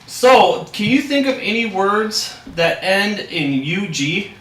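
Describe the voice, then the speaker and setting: High-pitched, upbeat young man tutoring. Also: very animated, slow, fairly bright tone. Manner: upbeat and encouraging, heavy praise. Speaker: reading tutor. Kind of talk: practice lesson role-play. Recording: echoey room, distant mic.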